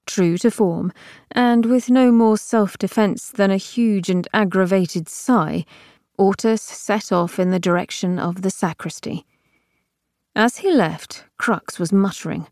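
A woman narrating a novel as an audiobook in measured, even storytelling. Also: mid-range voice, dry recording, studio quality. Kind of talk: scripted fiction narration.

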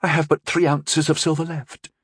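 A man's voice: fairly high pitch, flat delivery, moderate pace, fairly bright tone, husky, dry recording, clean studio sound, pitched above the performer's own voice. A man voicing a spoiled, disdainful young noblewoman in an audiobook reading. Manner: disdainful, sarcastic. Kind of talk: audiobook character voice.

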